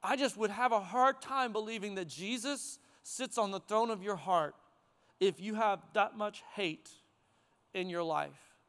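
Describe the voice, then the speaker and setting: High-voiced preaching man, smooth, big hall. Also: measured pace. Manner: animated preaching, rising to near shouts then dropping to hushed tones. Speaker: pastor. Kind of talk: sermon. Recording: long hall reverb.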